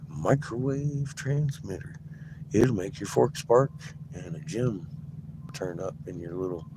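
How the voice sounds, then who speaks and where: In a loose, rambling vlog, an excitable male vlogger curses freely and keeps breaking into laughter, speaking at an unhurried pace in a slightly low voice. The recording is noisy, with a steady hum and the sound of a vehicle underneath.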